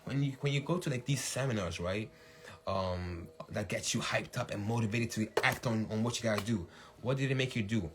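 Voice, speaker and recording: A man hosting a casual livestream talk, animated, laughing often and shouting when he acts out hype, with faint music behind. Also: fairly low pitch, fairly quick. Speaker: podcast host.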